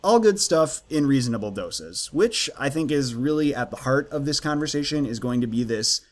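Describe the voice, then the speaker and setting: Guy cohosting a writing podcast, mid pitch, lively, jokey voices when he quotes people. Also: normal speed. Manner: animated, acts out quoted lines with jokey voices. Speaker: podcast co-host. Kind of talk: casual chat about writing craft.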